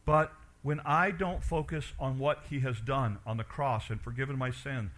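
A man preaching a sermon as pastor, animated and asking his congregation questions, dropping quiet for emphasis. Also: mid-range voice, moderate pace.

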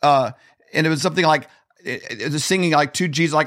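Fast-talking man in casual chat. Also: fairly high pitch, a bit bright. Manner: quick, storytelling with stammered restarts.

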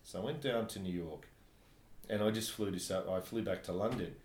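A man from New Zealand telling travel stories in casual chat, animated and laughing often. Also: low voice, brisk. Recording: echoey room, faint background noise.

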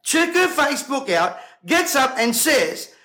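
An indignant male preacher with a strikingly high voice. He speaks to camera in a bright, forceful tone and keeps firing off rhetorical questions. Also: sing-song, a little slow, rough recording. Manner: emphatic, combative, rhetorical questions.

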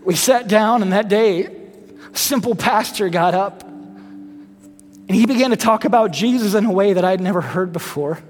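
Speaking unhurriedly in a voice that sits high, a man in his thirties preaches conversationally to his congregation. The hall echoes as he repeats rhetorical questions.

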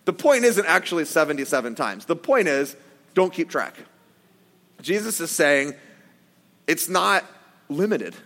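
A man's voice: on the high side, sing-song, a little slow, long pauses, pushed and bright, long reverb tail. A man preaching a casual sermon, conversational, with joking asides and acted-out quotes. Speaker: pastor.

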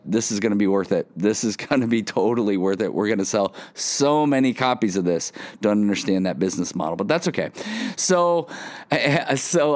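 A man's voice: medium pitch, no echo. A man preaching a casual sermon, rambling with many fillers and self-deprecating humor. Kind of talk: casual sermon with personal story.

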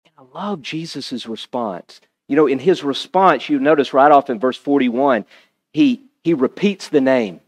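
A male pastor preaching a sermon in an animated, conversational way, with asides to the congregation. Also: medium pitch, a little slow.

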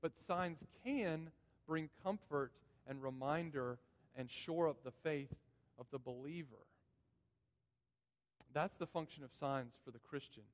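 Preaching slightly slowly in a fairly high voice, this pastor repeats his key phrases earnestly. The recording carries the long reverb of the church sanctuary he speaks in.

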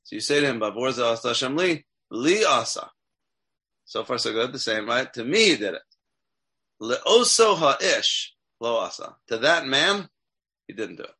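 A man's voice: mid-range voice, animated, fairly quick, pushed and bright, husky. A man teaching a text class as a rabbi, asking his students questions and checking in with them often. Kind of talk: interactive Torah class.

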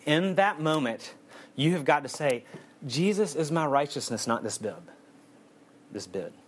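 A man's voice: a little high, lively intonation, a little slow, husky. A man giving a casual, humorous sermon that keeps coming back to one refrain. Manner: conversational and humorous, repeating a refrain. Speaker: preacher.

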